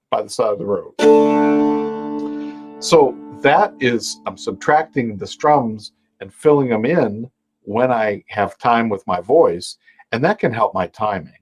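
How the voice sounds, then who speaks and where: A man teaching a live online music lesson on timing. He explains things patiently, counts beats aloud, scats rhythms and sings short bits of a folk song while he plays. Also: on the low side. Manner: explains timing with counting, scatting and sung demonstrations over his own playing. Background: his own dulcimer playing.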